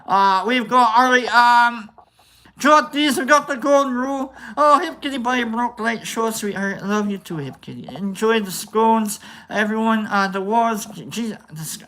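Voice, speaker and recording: A woman's voice: a little high, normal speed, fairly bright tone. A woman hosting a casual livestream, reading out chat in a put-on Scottish accent that keeps drifting into other accents. She rambles playfully, mocks herself and swears freely. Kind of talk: casual live-stream chat.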